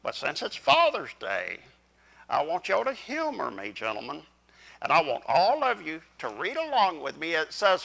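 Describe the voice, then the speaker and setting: A man's voice: fairly high pitch, wildly swooping pitch, moderate pace, gravelly, sharp tone, rough recording. An older man preaching a sermon in church, in a folksy style, talking directly to the congregation. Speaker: pastor. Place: church sanctuary.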